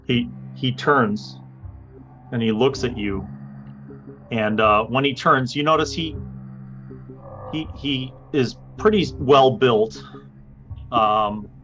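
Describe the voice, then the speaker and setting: A man narrating as game master of a tabletop game, unhurried and with many fillers. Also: mid-range voice, a bit bright, highs cut off, soft background music.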